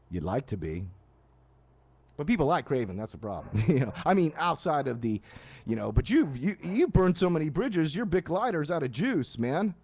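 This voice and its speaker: A man ranting on his own late-night pirate radio stream. His pitch swings widely as he talks, and he keeps restarting and wandering off into asides. The delivery is loose and conversational. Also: slightly rough. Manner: animated, casual, frequent restarts and asides. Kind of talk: live ranting monologue. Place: live stream studio at night.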